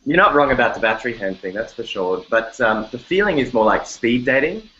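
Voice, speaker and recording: An Australian man, the songwriter guest, talks fairly quickly at medium pitch over a muffled recording with some hiss or hum. Sitting in his bedroom for a casual interview, he chats animatedly, jokes, and breaks into sung snippets.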